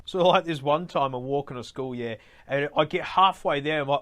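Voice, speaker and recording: Australian man, forties, fairly high voice, slangy comic monologue. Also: fairly quick, fairly bright tone. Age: 40s. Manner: rambling, slangy.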